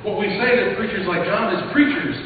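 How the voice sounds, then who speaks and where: A man's voice: high voice, fairly quick, a little hiss or hum. A middle-aged man, a seminary professor, preaching an earnest, emphatic sermon full of rhetorical questions in a church. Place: church sanctuary. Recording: far-off, echoey church hall on a phone-like line.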